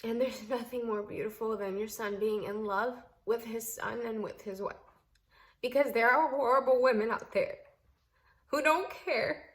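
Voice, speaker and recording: A woman's voice: on the high side, moderate pace. A young woman telling a storytime vlog to camera, heated and emphatic, at times tearful and earnest. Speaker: vlogger.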